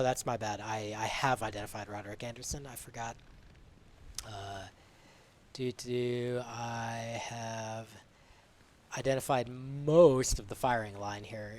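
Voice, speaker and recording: A man streaming a game live, musing aloud in a relaxed, unhurried way as he works things out. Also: medium pitch.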